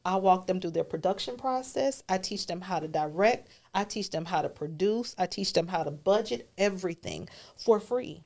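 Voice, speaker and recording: A woman's voice: on the low side, lively intonation, moderate pace, creaky, hardly any pauses, a little mellow. A woman guest on a podcast, telling her story earnestly and emotionally, dropping to a whisper at key moments.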